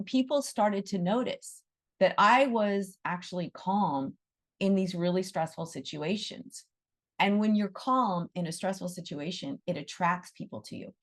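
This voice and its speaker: A woman's voice: mid-range voice, moderate pace. A woman teaching an online Animal Reiki class, earnest and emphatic, repeating phrases for stress. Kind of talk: live online class talk.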